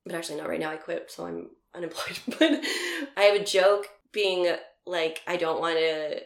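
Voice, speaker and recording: A woman's voice: on the low side, moderate pace, creaky, roomy sound. A woman in her thirties, a comedian, telling stories in casual chat and acting out the quotes. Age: 30s. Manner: animated storyteller, acts out quotes.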